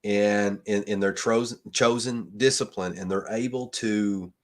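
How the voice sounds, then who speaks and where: A man's voice: lowish voice, fairly even intonation, unhurried. Rambling, earnest man hosting a late-night stream. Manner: rambling, with many restarts and fillers; earnest, motivational sign-offs. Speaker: livestream host. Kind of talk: casual livestream chat.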